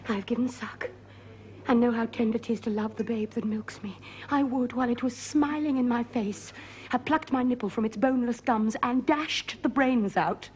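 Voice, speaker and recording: A woman's voice: fairly high pitch, fairly even intonation, normal speed, slight background noise, natural voice. Lady Macbeth, whispering as an actress plays her. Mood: fierce. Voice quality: hushed, intense whisper. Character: scheming ruthless noblewoman, Lady Macbeth. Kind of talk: whispered role-play.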